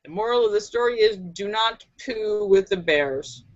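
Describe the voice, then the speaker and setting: A woman's voice: mid-range voice, expressive, normal speed, lo-fi sound. A woman hosting a casual live stream, reading out viewers' jokes and laughing at them. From United States. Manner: giggly, laughs at her own jokes.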